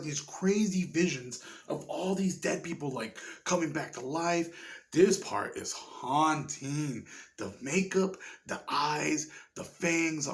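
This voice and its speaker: A man reviewing a horror movie in a casual, rambling way, swearing often and getting excited. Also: on the high side. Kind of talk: casual chat.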